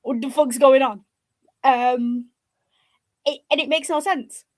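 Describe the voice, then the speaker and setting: A woman's voice: sits high, slow pace. Blunt sweary woman. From northern England. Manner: blunt, sweary, animated ranting. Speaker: podcast co-host. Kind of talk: casual chat.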